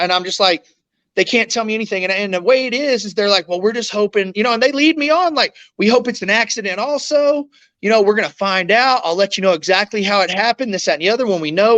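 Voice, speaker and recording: A man's voice: fairly high pitch, a bit bright, smooth, no echo, highs cut off. A man, an interview guest telling a painful story in raw, blunt words, swearing often and acting out what others said.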